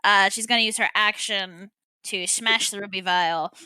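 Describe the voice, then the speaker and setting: A woman's voice: medium pitch, steady tone, normal speed, pushed and bright, smooth, dry recording. A woman playing a tabletop game, casually narrating what her character does. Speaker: player. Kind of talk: casual tabletop role-play.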